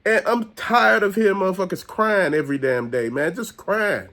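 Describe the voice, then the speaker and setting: On his own channel, a man rants at viewers in a preachy, foul-mouthed, blunt monologue. His high voice has a fairly bright tone and an ordinary speaking speed.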